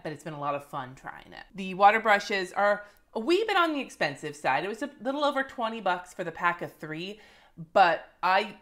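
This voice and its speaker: A woman in her thirties with a low, deep-set voice talks straight to the camera in a casual vlog. She is chatty and loose, with plenty of swearing and asides as she holds things up to show. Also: a bit bright. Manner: chatty and profane, showing items to the camera. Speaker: planner and lettering vlogger. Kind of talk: casual monthly favorites vlog.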